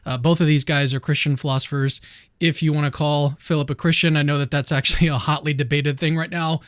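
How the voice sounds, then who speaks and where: A talkative male host with a fairly high voice, speaking in a relaxed, upbeat manner and often restarting his sentences. The sound is close and dry, with no room around it. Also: quick pace, no echo. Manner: chatty, upbeat, with many restarts. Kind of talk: casual chat.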